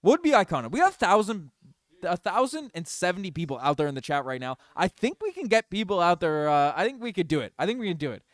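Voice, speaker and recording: A man streaming fan play-by-play of a basketball game, excitable and openly partisan, talking to his chat. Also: sits high, quick pace, no echo, studio quality. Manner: excitable, biased home-team fan chatting with his chat. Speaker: streamer doing live play-by-play. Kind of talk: fan play-by-play livestream commentary.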